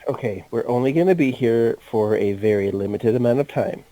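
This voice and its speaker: A man playing a tabletop game, teasing the others in a quick, stammering way. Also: medium pitch, warm tone, dry recording, low-quality recording. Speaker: player. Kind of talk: casual tabletop play.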